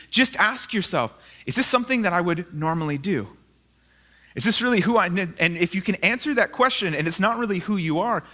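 Bright high-voiced man preaching conversationally. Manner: animated, personal storytelling with asides. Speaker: pastor. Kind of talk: conversational sermon. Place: church sanctuary, live sermon.

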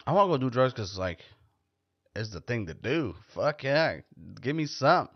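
A man's voice: medium pitch, big pitch swings, moderate pace, no echo. A man hosting his own show, talking in a casual, rambling monologue that is blunt, profane and joking. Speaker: podcast host. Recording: dull, dry lo-fi recording.

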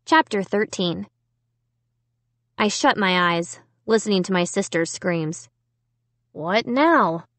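A woman's voice: on the low side, no room sound. A woman reading a children's horror novel aloud in first person. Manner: slow, expressive first-person narration. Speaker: audiobook narrator. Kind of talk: audiobook reading.

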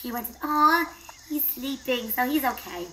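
A woman VTuber chatting casually as she plays, excitable and quick to squeal and gasp at the animals. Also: fairly high pitch, a little hiss or hum, low-quality recording. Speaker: VTuber streamer. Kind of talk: casual gameplay commentary.

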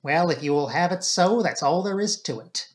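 A man's voice: a little high, expressive, moderate pace, natural voice. A man doing a brusque police inspector. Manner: brusque and blunt. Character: blunt, stubborn male police inspector.

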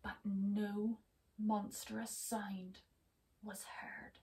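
A woman teacher reading a children's story aloud, expressive, dropping to hushed whispers and asking her young listeners to join in. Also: mid-range voice, extremely slow, recorded from a distance.

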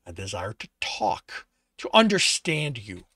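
A man voicing a calm, curious clawed demon that speaks slowly and formally. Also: on the low side, breathy edge, dry recording, studio quality, voice pushed down, heavily acted. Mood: calm, probing. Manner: slow, formal, questioning.

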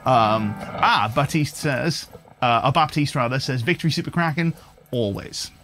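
A man's voice: medium pitch, moderate pace, a bit bright. A man giving a chatty, enthusiastic livestream guitar lesson, thinking aloud with fillers. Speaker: guitar teacher. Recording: guitar playing in background.

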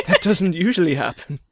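A woman's voice: on the low side, dry recording, clean studio sound. A woman joking and teasing her friend while playing a video game. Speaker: game streamer. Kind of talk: casual gaming chat.

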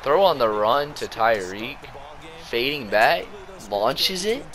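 A young man with a sore throat giving slangy, excitable commentary over his own old football video game match. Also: mid-range voice, takes it slowly. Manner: excitable, slangy, jumps between play-by-play and rants. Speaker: gaming YouTuber. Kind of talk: gameplay commentary.

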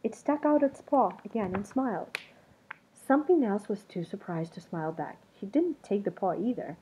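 A woman reading a children's storybook aloud in an expressive, storytelling manner. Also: medium pitch, moderate pace, a little hiss or hum. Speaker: narrator. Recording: dull muffled recording.

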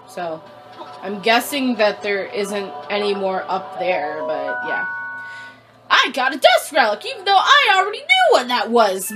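A young woman hosting a let's play, panicking, squealing and shouting at her game character, repeating words in quick streaks. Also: sits high. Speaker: gaming channel host. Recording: faint game music behind.

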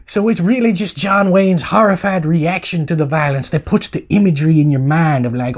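A man's voice: on the high side, moderate pace. A man giving a casual movie review in rambling, slangy, joking talk. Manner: rambling, slangy, jokey vernacular.

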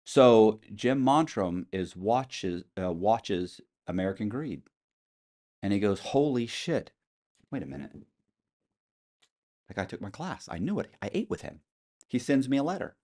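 A man's voice: fairly low pitch, very animated, measured pace, pauses often, a little mellow. A man telling a long story as an interview guest, acting out the people he quotes and swearing freely.

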